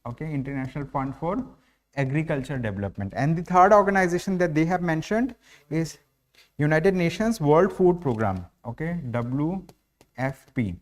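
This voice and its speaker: In an online exam-prep class on current affairs, an Indian English-accented man breaks things down step by step, sprinkling in "like, you know" constantly. He has a fairly high pitch with lively intonation and speaks at a moderate pace.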